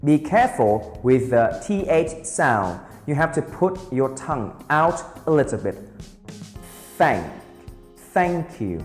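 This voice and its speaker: A man teaching beginner English, speaking slowly and carefully and repeating each phrase for drilling. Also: on the high side, big pitch swings. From Vietnam. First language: Vietnamese. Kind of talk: beginner language lesson. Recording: roomy reverberant sound with soft guitar music.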